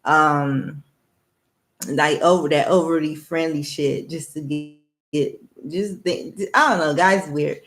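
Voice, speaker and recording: A woman's voice: deep voice, fairly even intonation, slow pace. A young adult woman giving a candid personal monologue to camera, blunt and rambling, with heavy swearing. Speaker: vlogger.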